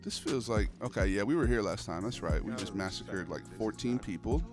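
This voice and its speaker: A young man with a fairly low voice talks briskly over music while streaming a horror game. He chats loosely with his viewers, packing his casual talk with slang and calling them "bro."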